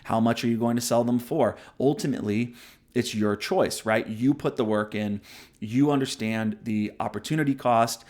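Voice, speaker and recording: This book review host has a mid-range, darkish voice and talks at a moderate pace. His commentary is casual and conversational, peppered with "right?" checks and admissions when he goes off on a tangent.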